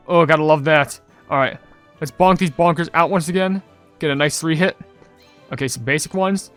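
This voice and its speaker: A young man casually commenting on his gameplay and reading viewer comments, chatty and rambling, getting loudly excited over loot. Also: a little high, moderate pace, smooth, dry recording, faint music behind. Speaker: gaming channel host.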